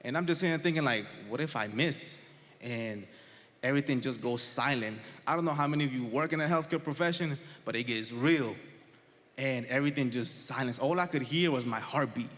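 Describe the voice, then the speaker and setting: A man in his twenties telling a true story live on stage to an audience, conversational and animated, laughing between lines. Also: mid-range voice, a little fast. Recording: live stage recording with long hall reverb.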